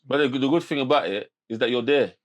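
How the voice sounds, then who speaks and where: Animated man telling stories. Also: mid-range voice, fast talker. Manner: animated storyteller, street slang, many restarts. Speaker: podcast guest, men's mental health campaigner. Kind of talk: casual podcast conversation.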